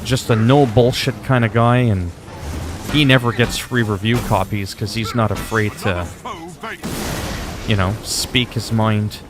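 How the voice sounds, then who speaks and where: A laid-back male gamer talks through his livestream in a low voice, rambling from one thought to the next and swearing freely. Faint music plays underneath. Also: steady tone, unhurried. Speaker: streamer. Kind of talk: casual gaming livestream chat.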